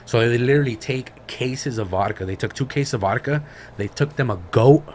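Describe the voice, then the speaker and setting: A man's voice: medium pitch, brisk, a little hiss or hum. A man co-hosting a podcast, retelling a story in casual chat with slang and swearing. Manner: slangy, profane, animated retelling. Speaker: podcast co-host.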